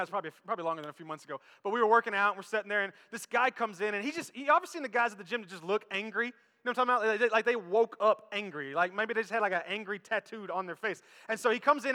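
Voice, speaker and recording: High-voiced guy preaching, bright and punchy, big hall echo, acts out the story. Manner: storytelling, animated, acts out quotes. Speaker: pastor. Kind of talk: sermon. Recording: long hall reverb.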